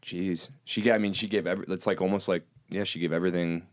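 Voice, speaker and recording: A man's voice: deep voice, fairly even intonation, fast, dry recording, clean studio sound. A man hosting a podcast who reacts briefly and asks short questions. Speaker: podcast host. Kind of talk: casual interview chat.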